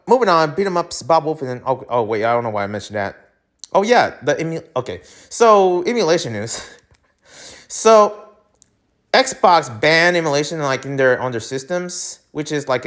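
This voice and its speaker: A man's voice: medium pitch, fairly bright tone. A man from the United States hosting his own podcast, who rambles with lots of fillers and restarts and gets heated and emphatic. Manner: heated and emphatic when ranting. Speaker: podcast host. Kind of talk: solo podcast rant.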